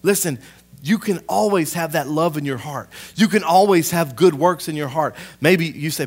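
A man, a pastor preaching a sermon. He swells to loud, impassioned peaks and then drops to a hushed, personal aside. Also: a little high, moderate pace.

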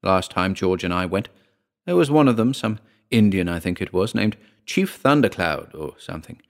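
A man reading a story aloud and voicing an excitable woman at a party who gushes breathlessly. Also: low voice, moderate pace, vocal fry. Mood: gushing.

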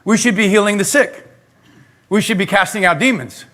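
A male pastor preaching a lively sermon in a church, talking straight to the congregation. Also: high voice, normal speed. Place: church sanctuary.

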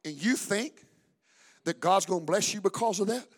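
A male pastor, preaching a fervent sermon that builds to shouts. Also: high voice, moderate pace.

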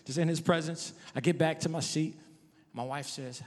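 A man's voice: on the high side, steady tone, normal speed, big-room sound. A middle-aged male pastor preaching a sermon, telling his own story and urging listeners with rising emphasis. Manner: testimonial preaching, shifting from soft to emphatic.

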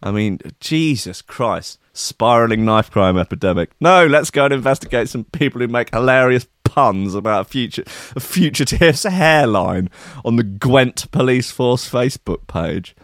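A man's voice: mid-range voice, animated, moderate pace, fairly bright tone, dry recording, clean studio sound. A man reading out news stories and mocking them in a sarcastic, exasperated rant. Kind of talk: ranting news commentary.

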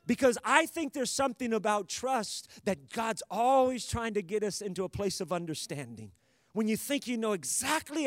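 High-voiced man preaching emphatically. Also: lively intonation, normal speed, no echo, studio quality. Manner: emphatic, rising to loud exhortation. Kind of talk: sermon.

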